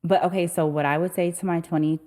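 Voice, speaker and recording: A woman's voice: on the low side, steady tone, fast talker, darkish tone. A woman co-hosting a podcast in casual chat, frank and swearing freely. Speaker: podcast co-host.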